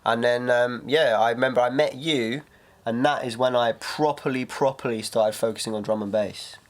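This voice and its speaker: A young man, co-hosting a podcast and telling stories in a relaxed, casual way, laughing easily. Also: mid-range voice, normal speed. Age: young adult. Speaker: podcast co-host. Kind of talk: casual chat.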